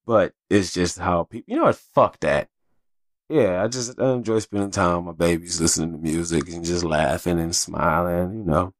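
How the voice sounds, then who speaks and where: Man, deep voice, podcast host, rambling, profane, dry close mic. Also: dry recording. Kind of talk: casual solo podcast chat.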